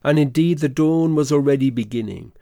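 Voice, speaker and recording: A man narrating a classic story for an audio drama in a measured, literary reading. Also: on the high side, gravelly, warm tone, dry recording, studio quality.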